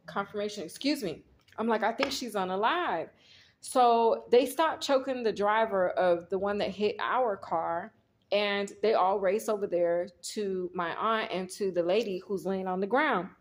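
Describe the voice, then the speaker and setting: A woman's voice: mid-range voice, measured pace. A woman gives a casual tarot reading to her viewers. She rambles through the story in an easy, chatty way, often speaking straight to the audience. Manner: rambling, talks straight to viewers, retells scenes quoting herself. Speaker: tarot reader.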